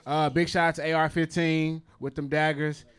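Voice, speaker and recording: A man co-hosting a casual podcast, joking and laid-back as he talks sports and gives shout-outs. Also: on the high side, flat delivery, moderate pace, clear, resonant tone.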